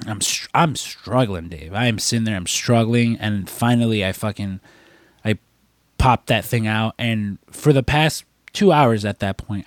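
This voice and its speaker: Low-voiced man in casual chat. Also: no echo, studio quality. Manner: rambling storyteller, swears freely. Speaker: podcast co-host.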